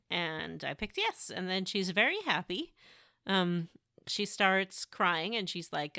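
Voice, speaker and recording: A woman co-hosting a casual gaming podcast, retelling game scenes with animated storytelling and acted-out quotes. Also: fairly low pitch, unhurried, clean tone, no echo, clean studio sound. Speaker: podcast co-host.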